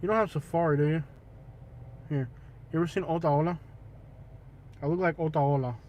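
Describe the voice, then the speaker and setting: A man hosting a casual travel livestream, joking and teasing, with loud excited bursts. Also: fairly high pitch, moderate pace, slight background noise. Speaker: vlog host.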